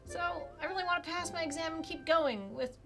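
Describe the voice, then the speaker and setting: A woman's voice: extremely high pitch, expressive, a little fast, over music, voice pushed up. A woman voicing an earnest young female apprentice magician, speaking sincerely and hopefully.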